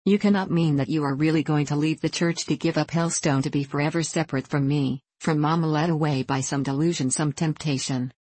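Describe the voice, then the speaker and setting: A woman reading the part of a proud, passionate young gentlewoman who speaks earnestly and pleads. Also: deep voice, a little fast, dry recording. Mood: pleading.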